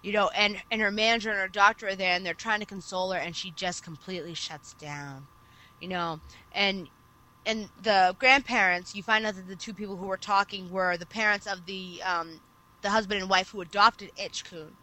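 A woman co-hosting a relaxed podcast chat, walking through a long story with lively, animated delivery. Her voice has a bright, forceful edge. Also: mid-range voice, brisk, rough recording. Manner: animated storytelling, recounting anime plot at length. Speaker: podcast co-host. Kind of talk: casual chat.

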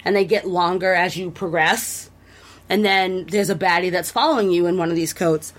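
A woman's voice: on the low side, fairly even intonation, moderate pace. A woman co-hosting a casual podcast, recapping a horror video game in a rambling, enthusiastic way with lots of fillers and restarts. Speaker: podcast co-host.

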